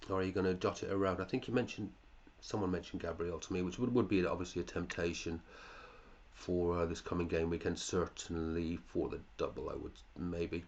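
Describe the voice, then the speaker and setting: Male podcast host, deep and gravelly, chatty with muttered asides. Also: fairly even intonation, brisk, a little mellow, muffled recording. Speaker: fantasy football podcast host. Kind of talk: casual chat reviewing listeners' teams.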